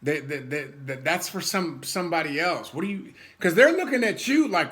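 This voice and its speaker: Emphatic high-voiced man giving a pep talk. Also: expressive, moderate pace, fairly bright tone. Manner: emphatic, repeats words, acts out quoted voices. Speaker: motivational speaker. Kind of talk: motivational talk to an audience.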